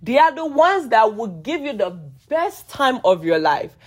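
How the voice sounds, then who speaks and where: A woman's voice: a little high, big pitch swings, a little slow. Emphatic young woman vlogger. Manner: emphatic, repeats lines for effect, swears freely. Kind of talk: casual talk to camera.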